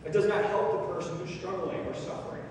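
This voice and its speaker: Pastor preaching to his congregation, lively and questioning; higher male voice, heard far off in a reverberant sanctuary with faint ambience. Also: fast, background noise. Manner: animated, mimics dismissive comforters, asks the congregation questions. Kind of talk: sermon. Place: church sanctuary. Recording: echoey church hall from far off.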